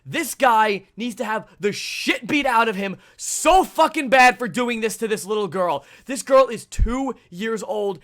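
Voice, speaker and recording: Furious, bright-voiced young man ranting. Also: high-pitched. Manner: furious, profane, bursts into shouting. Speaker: gaming channel host. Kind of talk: angry ranting commentary.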